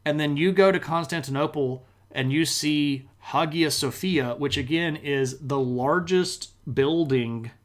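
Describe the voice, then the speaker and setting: A man's voice: on the high side, measured pace, hardly any pauses. Casual enthusiastic man lecturing on history. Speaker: history streamer. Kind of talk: live-streamed history lecture.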